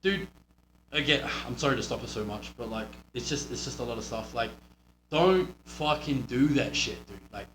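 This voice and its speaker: A man's voice: mid-range voice, animated, moderate pace, fairly bright tone. A man with a New Zealand accent, coaching a wrestler through a casual match review in a blunt, profane, rambling way. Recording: roomy with faint hum.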